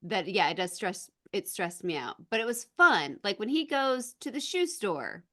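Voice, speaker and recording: Woman, casual podcast chat, giggly, animated, filler-heavy, mid pitch. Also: moderate pace. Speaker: podcast guest. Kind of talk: casual movie-review chat.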